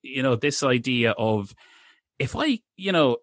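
A man's voice: mid-range voice, very animated, measured pace, no room sound, clean studio sound. A man co-hosting a podcast, telling a history story in a rambling, casual way, with lots of fillers and restarts.

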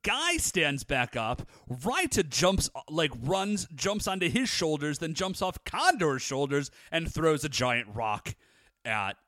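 Casual podcast co-host, male, bouncy and animated delivery, slightly high voice. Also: takes it slowly, no echo. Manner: animated, enthusiastic storytelling with many fillers. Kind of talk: casual chat recapping a TV episode.

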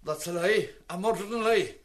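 Man in a comedy sketch, high voice, blustering and mock-indignant. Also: moderate pace. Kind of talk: comic sketch banter.

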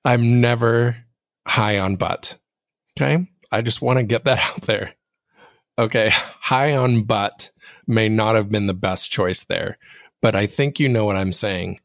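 A man hosting a casual solo podcast, speaking directly to his listeners in a reflective, self-deprecating way, with a fairly monotone voice. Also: lowish voice, a little slow, gravelly, no echo, clean studio sound. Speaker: podcast host.

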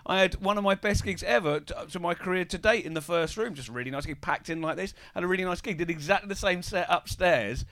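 A man, a comedian on a live panel, telling an animated story about a bad gig. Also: high voice, quick pace, few pauses, no echo. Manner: animated, acts out his own outbursts.

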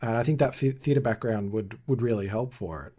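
A man's voice: fairly low pitch, brisk, dark tone. A man hosting an interview, asking questions with eager enthusiasm. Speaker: podcast host, interviewer. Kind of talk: casual interview chat.

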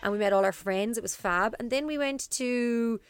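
A woman's voice: fairly high pitch, moderate pace, clear, resonant tone, no room sound, clean studio sound. A young Irish woman co-hosting a podcast, chatting casually and rambling with lots of fillers and restarts. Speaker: podcast co-host. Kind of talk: casual chat.

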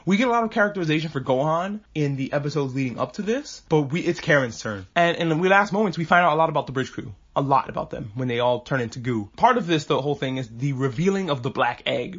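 A man hosting a podcast, recapping an anime film in casual, animated talk and briefly acting out characters' lines. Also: fairly high pitch, slightly rough. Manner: animated, acts out characters' lines in quick asides, swears casually. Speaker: podcast host. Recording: dull lo-fi podcast audio.

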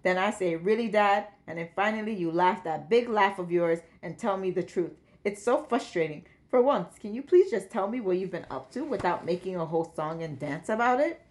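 A woman voicing a grown daughter, an academic, who chides her father in a brisk, fond way. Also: medium pitch, animated, a little mellow, lightly acted. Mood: exasperated. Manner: brisk, fondly chiding.

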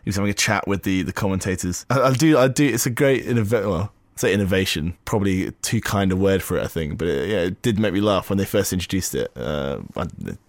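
A man with a low voice co-hosts a podcast from a studio, rambling casually and breaking into laughter often. The sound is dry and close, with no room echo. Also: fast, hardly any pauses. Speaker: podcast co-host. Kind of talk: casual chat.

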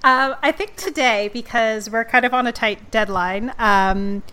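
A woman's voice: fairly high pitch, a little slow, sharp tone, smooth. A woman from Canada hosting a casual podcast, chatty and joking and laughing often. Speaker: podcast host.

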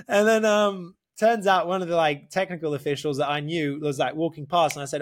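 A man telling a story in casual podcast chat, animated, swearing often and calling the listener mate. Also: high-pitched, normal speed. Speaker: podcast guest.

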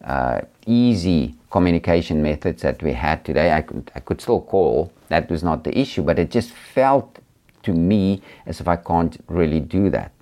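Preacher, middle-aged man, South African accent, deep register, gentle and hesitant testimony delivery. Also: expressive, normal speed. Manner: earnest, gentle, with many hesitations. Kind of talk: personal testimony talk.

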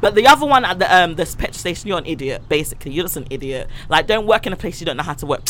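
Lively, bright-voiced woman. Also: on the low side, very fast, a little hiss or hum. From Jamaican heritage, raised in Britain. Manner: animated, acts out other people in her stories, laughs often. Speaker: podcast co-host. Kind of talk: casual storytelling chat.

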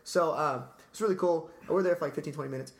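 A man's voice: on the high side, quick pace, gravelly, slight background noise. A man casually telling a long story in a podcast chat, laid-back and profane, dropping "dude" and "like" constantly.

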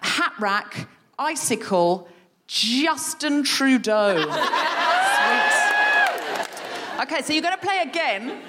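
Woman, fairly high voice, energetic stage talk, playful, laughs often. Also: takes it slowly, long pauses, over a noisy crowd, very noisy. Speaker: guest speaker leading a creativity exercise. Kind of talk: live stage talk to an audience.

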